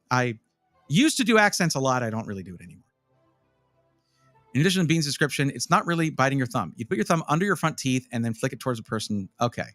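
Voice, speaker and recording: A man's voice: medium pitch, no room sound. A man chatting casually on a live stream, reviewing gaming PC parts and rambling as he answers his chat. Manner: animated, rambling, talks to chat.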